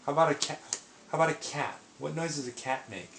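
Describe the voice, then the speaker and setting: A woman's voice: low voice, fast, vocal fry, echoey room, a little hiss or hum. A woman, a parent, coaxing her toddler in a sing-song voice with playful animal sounds, recorded at home on a video camera. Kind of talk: talking to a toddler.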